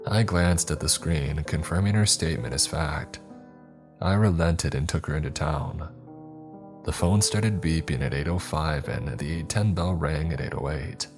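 A man with an extremely deep, low voice reads a horror story aloud. His delivery is steady and measured, with quiet music playing softly underneath. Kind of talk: scripted horror story narration.

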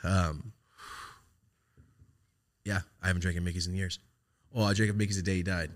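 A man with a somewhat low voice hosts a podcast and talks through a personal story in a loose, reflective way. He swears freely and trails off into fillers and restarts as he goes. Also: steady tone, moderate pace. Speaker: podcast host. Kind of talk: casual storytelling chat.

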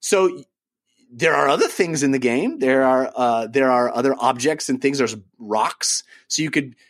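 This is a man hosting a gaming podcast in a casual, enthusiastic way. His voice swings up and down a lot as he rambles through his thoughts with plenty of fillers. His pitch sits in the middle for a man. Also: lively intonation, a little slow. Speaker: podcast host. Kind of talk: casual talk and ad read.

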